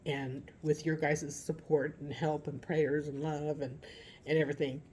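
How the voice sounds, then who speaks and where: A woman giving a casual, heartfelt vlog update from home about caring for her father, talking haltingly with many restarts, teary at times. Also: sits low, flat delivery, mellow, slight background noise.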